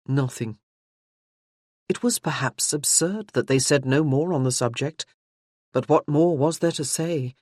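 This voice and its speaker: In studio-quality audio with no room sound, a narrator delivers a novel as an audiobook. The mid-range voice tells the story in a measured, steady way, following the script.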